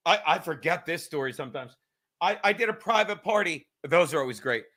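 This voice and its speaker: Male comic host, high bright voice, rambling and swearing, stumbles over restarts. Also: animated. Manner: rambling, profane, quick to laugh, stammering restarts. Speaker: podcast host and comedian. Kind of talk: casual chat.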